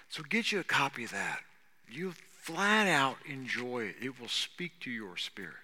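Male pastor, bright and ringing tone, folksy and conversational, church reverb. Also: mid-range voice, sing-song, moderate pace. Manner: folksy, conversational, with frequent "okay?". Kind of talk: prayer and church announcements. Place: church sanctuary. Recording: long hall reverb.

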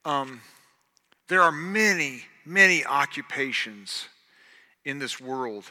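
A man with a Southern accent, a pastor making church announcements in a loud, animated, joking preacher style. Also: medium pitch, slow pace. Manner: loud, animated, jokey, swings between shouting and hushed. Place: church sanctuary. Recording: long hall reverb.

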